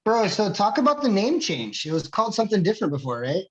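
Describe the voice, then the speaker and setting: A man's voice: high voice, sing-song, fast, breathy edge. A man casually asking a band about their songs in a livestream chat. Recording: dull lo-fi sound.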